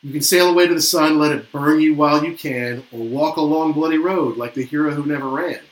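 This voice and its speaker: A man's voice: fairly high pitch, a little fast. A man co-hosting a casual album review chat, musing and hesitant, often reading lyrics aloud. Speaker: podcast co-host reviewing an album. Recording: roomy echo.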